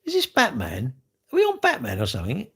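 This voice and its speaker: Near the kitchen in his home, a male streamer talks casually with viewers and ridicules their comments with sarcasm. His medium-pitched voice swoops wildly, runs quick, and carries vocal fry, sounding a bit bright and husky.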